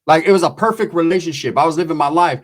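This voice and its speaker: A man's voice: on the high side, fast talker. Slangy, profane storyteller man. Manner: loose, profane, slangy storytelling with frequent "right?" asides. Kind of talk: casual storytelling.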